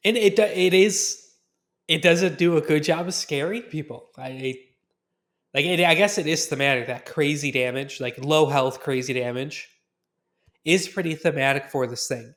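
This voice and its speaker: A man's voice: on the high side, fairly bright tone. A man co-hosting a tabletop-game podcast who agrees readily and adds points of his own. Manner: agreeable, adds quick points with short backchannels. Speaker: podcast co-host. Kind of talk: casual discussion.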